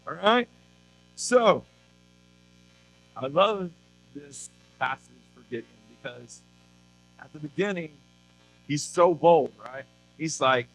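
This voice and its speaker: A man's voice: a little high, lively intonation, unhurried, pauses often, fairly bright tone, poor audio. A man preaching a youth sermon at a church service in a casual, conversational way, often tossing in rhetorical questions. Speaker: youth pastor.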